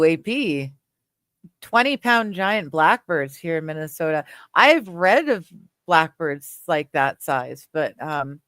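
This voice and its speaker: Woman from Canada, livestream chat, smooth voice, dry close sound, laughs often. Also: deep voice, a bit bright, dry recording. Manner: chatty, laughs often, trails off with fillers. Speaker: livestream host. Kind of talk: casual chat reading viewer comments.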